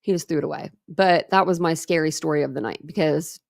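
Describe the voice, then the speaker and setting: A woman's voice: deep voice, fast talker, vocal fry. A woman hosting a true crime livestream, chatting casually with viewers in a rambling way, full of fillers and restarts, and reading comments from the chat. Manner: reads and answers live chat comments. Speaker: true crime channel host.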